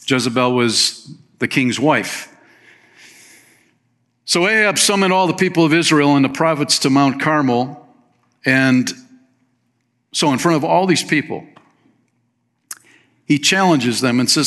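Male pastor, mid-pitched, folksy preacher reading scripture with emphatic commentary. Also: unhurried, pauses often. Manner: reads scripture aloud and comments with lively emphasis; folksy, uses fillers and plain phrases. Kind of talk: sermon.

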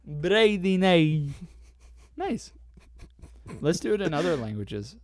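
A man's voice: high voice, big pitch swings, slow pace, a little mellow, no room sound, clean studio sound. A young man co-hosting a podcast in casual chat, teasing his friend and swearing freely. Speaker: podcast co-host.

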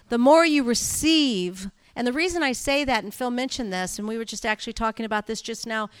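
A woman's voice: fairly high pitch, smooth, no echo, studio quality. A woman leading a church group, teaching in an informal talk and acting out her own stories. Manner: animated storytelling, acts out her own inner voice. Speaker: church leader.

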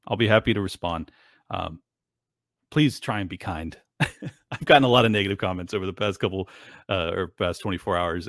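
A show host speaks in a lowish voice, talking to his viewers in a casual monologue. He's earnest and emotional, rambling along with frequent fillers, and the studio sound is clean and dry.

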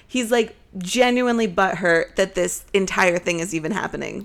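A woman's voice: mid-range voice, moderate pace, vocal fry, few pauses. A woman hosting a podcast, making dry, sarcastic comments about a movie. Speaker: podcast host. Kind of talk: casual podcast chat.

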